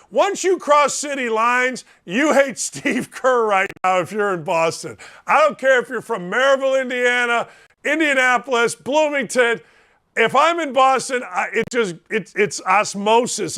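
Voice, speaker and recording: A man hosting a sports talk show, talking in a loud, excitable and emphatic way. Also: very high voice, moderate pace. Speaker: show host.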